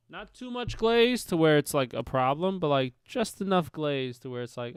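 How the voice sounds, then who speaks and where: A man's voice: fairly high pitch, expressive, normal speed, few pauses, clear, resonant tone, no echo, clean studio sound. A young man hosting a casual sports livestream, talking loosely, laughing, swearing and trailing off. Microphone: headphones on, close mic.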